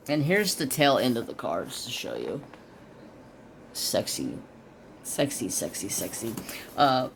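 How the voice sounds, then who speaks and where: A man chatting in a slow, rambling way about his hobby, with hesitations and restarts. His voice sits mid-range. Faint noise and crinkling sit under the recording. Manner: baby-talks high-pitched to his dog. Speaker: craft channel host. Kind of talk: casual rambling chat. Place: home craft room.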